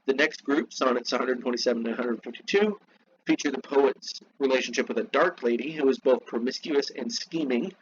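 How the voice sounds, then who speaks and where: Man teaching a class, slow asides. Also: medium pitch, lo-fi sound, a little hiss or hum. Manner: slows down to spell out terms, asides to students. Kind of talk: classroom lecture reading from text.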